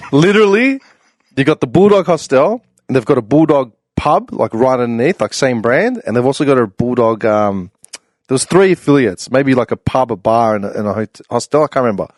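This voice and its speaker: Australian man, young adult, casual storytelling, animated, laughs a lot, dry close sound. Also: mid-range voice, normal speed, no room sound. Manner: animated, acts out quoted voices loudly, laughs often. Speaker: podcast panelist.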